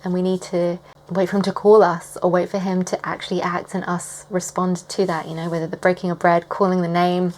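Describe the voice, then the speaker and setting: A woman's voice: on the low side, level tone, a little fast, darkish tone, poor audio. A woman, a Bible study vlogger, reading scripture and adding enthusiastic, gushing commentary. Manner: enthusiastic and gushing, laughs often.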